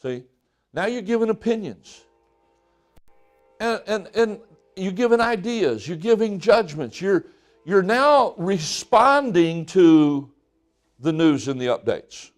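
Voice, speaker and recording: A man's voice: sits high, animated, slow pace, pauses often. A man in his sixties preaching a sermon in a folksy storytelling way, often restarting his sentences. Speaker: pastor.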